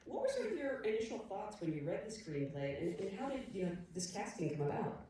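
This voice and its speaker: A woman's voice: mid-range voice, big pitch swings, a little fast, mellow, a little hiss or hum. Woman hosting a q&a, upbeat, far off mic in a reverby room. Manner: enthusiastic, encouraging questioner. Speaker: moderator. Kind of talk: hosting a panel Q&A. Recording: echoey hall, mic far off.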